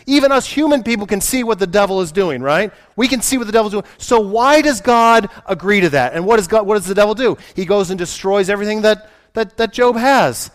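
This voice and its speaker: A man's voice: high voice, lively intonation, fairly quick, hardly any pauses. A man preaching a sermon in a conversational way, asking his listeners questions and acting out the voices he quotes.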